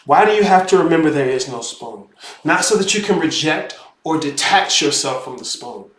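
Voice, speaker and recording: A man teaching spirituality in a casual, animated lecture, emphatic and profane, who keeps calling the listener "bro". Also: on the high side, normal speed. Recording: roomy echo.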